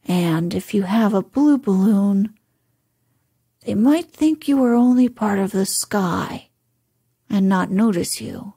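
Very slow, breathy woman's whispered role-play storytelling. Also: mid-range voice, lively intonation, no echo, studio quality. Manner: soft, hushed and very slow. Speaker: bedtime story reader.

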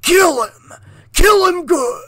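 A man voicing a hoarse, sadistic scarred dream-killer in an audiobook, croaking out taunts. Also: very high voice, animated, takes it slowly, dry recording, clean studio sound, pitched above the performer's own voice, full character voice. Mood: gleeful. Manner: taunting, shouted lines.

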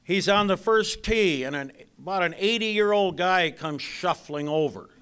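An older man, a retired basketball coach, giving an induction speech full of dry, deadpan jokes. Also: sits high, unhurried, clear, resonant tone. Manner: dry, deadpan joke telling. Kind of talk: after-dinner speech with jokes.

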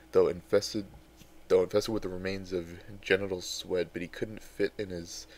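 Deep-voiced man reading aloud wryly. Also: a little mellow. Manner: wry, exasperated asides between readings. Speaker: host reading fan fiction aloud. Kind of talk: casual dramatic reading.

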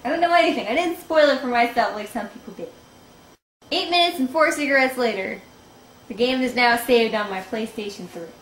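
A woman hosting a gaming video, giving excitable let's-play commentary full of swearing and shrieking reactions. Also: fairly high pitch, fairly quick, a little hiss or hum. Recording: echoey room with loud game music behind.

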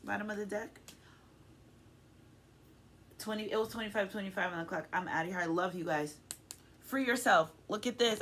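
Woman reading tarot cards, chatty and affectionate, mid-pitched voice, faint noise behind. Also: moderate pace, creaky, long pauses, a bit bright. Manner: effusive and affectionate, often emotional; chatty, frequently checks in with "okay?". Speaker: tarot card reader. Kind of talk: casual tarot reading to viewers.

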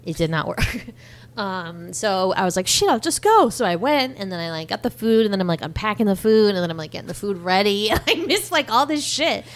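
A woman's voice: medium pitch, lively intonation, brisk. A woman co-hosting a podcast, chatting casually about a movie, laughing often and swearing now and then. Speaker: podcast co-host.

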